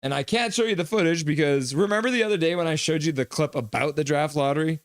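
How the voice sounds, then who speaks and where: A man's voice: a little high, fast, no echo. Joking man streaming hockey. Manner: joking, excitable, banters with chat. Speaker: live-stream host. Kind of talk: live reaction stream commentary, reading chat.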